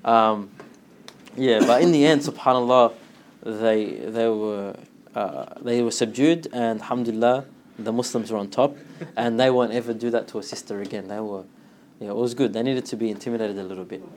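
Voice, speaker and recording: A man giving an informal religious talk, telling a story with lively acted-out dialogue and frequent laughter. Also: medium pitch, normal speed, slight background noise. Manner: animated storytelling, acts out dialogue, laughs often. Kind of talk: informal religious lesson with anecdote.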